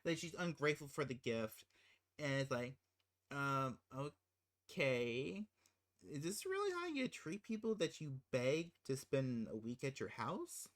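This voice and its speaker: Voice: medium pitch, very animated, unhurried. A channel host ranting casually about a film, incredulous and exasperated, rambling with restarts.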